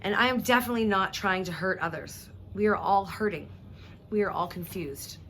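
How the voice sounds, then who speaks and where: Woman, mid-pitched, earnest and tearful, direct-to-camera apology vlog, faint background hiss. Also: fairly bright tone. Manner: earnest, heartfelt, halting with restarts and throat-clearing. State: emotional, near tears. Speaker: vlogger. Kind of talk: emotional personal address to viewers.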